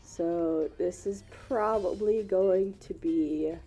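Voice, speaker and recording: A woman's voice: on the low side, slow, dark tone, breathy edge, soft background music. A woman with a cold, sounding congested and sniffly, hosting casual gameplay commentary in an apologetic, rambling way with many fillers. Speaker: gaming channel host.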